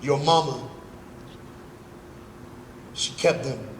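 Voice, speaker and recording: A man's voice: medium pitch, extremely slow, slight background noise. Man speaking in an echoey school gym. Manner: emphatic, storytelling, builds to loud bursts. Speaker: motivational speaker. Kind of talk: school assembly speech. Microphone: phone in the audience. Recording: echoey gym recorded from far off.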